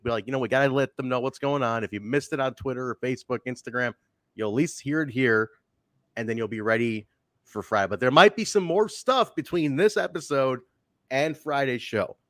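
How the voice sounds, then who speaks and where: A man's voice: mid-range voice, dry recording. A man hosting a podcast in casual chat, joking and teasing his co-host. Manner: joking, animated, playful teasing.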